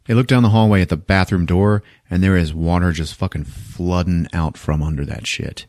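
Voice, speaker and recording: A man's voice: sits low, steady tone, normal speed, a little mellow, no room sound, clean studio sound. A man hosting a podcast, casually retelling a movie plot with lots of swearing and laughter. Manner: profane, laughing storytelling. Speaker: podcast host.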